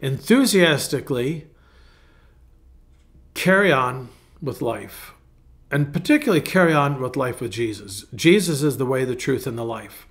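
A man's voice: mid-range voice, lively intonation, unhurried, pauses often. A man pastor who gives a casual devotional talk, rambling and correcting himself as he goes. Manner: rambling, self-correcting, clears throat.

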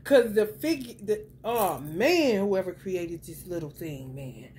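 Animated, profane woman, fairly high voice. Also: measured pace, few pauses, slight background noise. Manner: animated, profane, swings into excited high-pitched retellings with laughter. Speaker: tarot reader. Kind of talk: casual spiritual chat to viewers.

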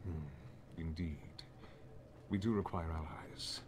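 A man voicing a cold, sinister aristocratic lord in a low, menacing murmur over noisy stream audio. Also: takes it slowly.

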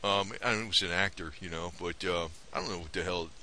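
Rambling, indignant man with a sharp voice. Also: low voice, steady tone, fast talker. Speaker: vlogger. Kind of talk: casual opinion rant to camera.

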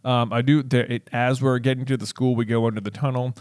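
A man co-hosting a casual podcast chat about a book, animated and quick to laugh. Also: medium pitch, no room sound, studio quality. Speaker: podcast co-host.

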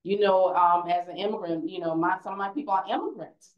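A woman's voice: on the low side, steady tone, quick pace, echoey room, dull audio. A young woman speaking on a conference panel, earnest and conversational, often restarting her sentences.

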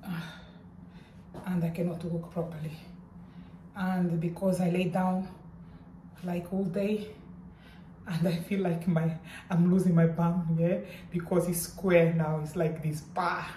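A woman's voice: on the low side, flat delivery, warm tone, far from the mic, slight background noise. Sore woman vlogging from a hospital room. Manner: strained, halting, groaning. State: in pain after surgery. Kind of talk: casual vlog. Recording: echoey room, voice off-mic at times.

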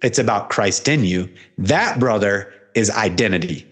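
A man's voice: expressive, moderate pace, husky. A man, a pastor hosting a guest, preaching fervently in conversation with repeated litanies. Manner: fervent, repetitive litanies, swings from loud peaks to low murmurs.

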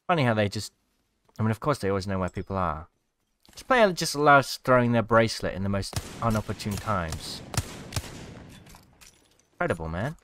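A man's voice: medium pitch, normal speed, pauses often, fairly bright tone, clear, resonant tone, no room sound. A man giving casual commentary over gameplay, cheering at the screen and mocking the players he watches. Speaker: gaming commentator.

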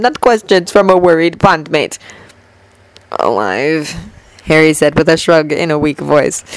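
A woman reading a fanfiction story aloud in steady, earnest storytelling. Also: fairly low pitch, dry recording, rough recording. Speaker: fanfiction reader.

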